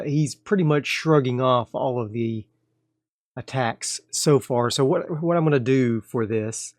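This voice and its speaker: A man hosting and narrating a solo tabletop horror game, telling the story in a loose, relaxed way with fillers and restarts. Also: mid-range voice, dry recording, studio quality. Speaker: game master and host of solo tabletop play.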